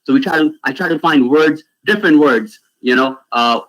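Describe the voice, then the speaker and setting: A lively man talks to children on a video call, pitched a little higher than most men. He tells stories animatedly and keeps checking in with "right?". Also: normal speed, rough recording. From Pakistan. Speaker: youth speaker. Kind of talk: storytelling talk for children.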